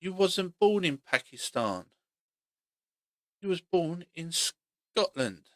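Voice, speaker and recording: A man's voice: sits high, sing-song, slow, no room sound. A man giving a blunt, opinionated monologue for his vlog, hammering the same points over and over. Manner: blunt, argumentative, repeats points. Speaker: opinion vlogger.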